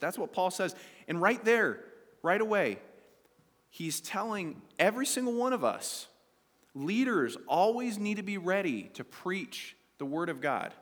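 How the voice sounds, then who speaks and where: Guy pastor preaching in church, really animated, lots of up and down, echo trailing off in a big hall. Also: high voice, unhurried. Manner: animated preaching, asks the congregation questions. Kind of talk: sermon.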